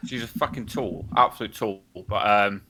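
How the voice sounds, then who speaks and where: A man's voice: lowish voice, normal speed, pushed and bright. A young man co-hosting a podcast, talking bluntly in casual chat with lots of swearing and filler words. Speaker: podcast co-host.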